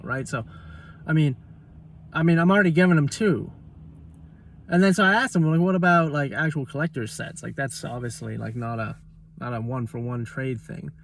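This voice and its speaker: A man's voice: on the high side, recorded from a distance, slight background noise. A man telling a heated, swearing story about a bad trade at a shop in a casual vlog rant, often mocking the other person's words. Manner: heated, exasperated, swears, quotes people mockingly. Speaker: vlogger.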